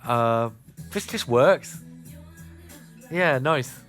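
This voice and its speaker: Speaking very slowly in a mid-range, fairly bright voice with lively intonation, a radio host chats casually between songs over soft background music. He's a man from South East England with a Kent and Sussex accent, and he says "uh" often.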